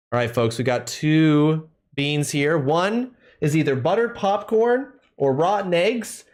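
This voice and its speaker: A man streaming a video game live, joking around and talking to his chat between gameplay. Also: a little high. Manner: playful, jokey, talks to chat. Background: game music.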